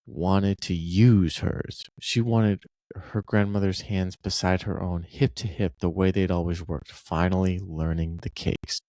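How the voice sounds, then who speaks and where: Man, deep voice, reading a story aloud, casual teacher asides, dry close sound. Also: darkish tone, no room sound. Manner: conversational, loose asides between read passages.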